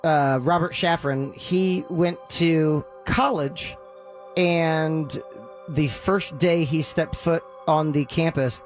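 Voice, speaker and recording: A man hosting a podcast, casually retelling a story with lively acted-out quotes and loose fillers. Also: a little high, takes it slowly, soft background music. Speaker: podcast host.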